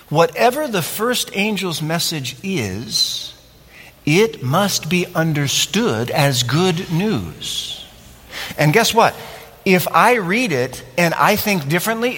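Lively, bright-voiced male preacher, high and expressive, heard in a big echoing hall. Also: slightly rough. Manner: animated, acts out scenes and asks the audience questions. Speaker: pastor. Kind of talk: sermon.

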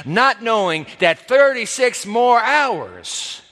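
Animated high-voiced preacher in a hall. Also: male voice, measured pace. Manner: dramatic, acts out quoted voices. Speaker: pastor. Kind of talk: sermon. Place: church sanctuary. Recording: reverberant hall.

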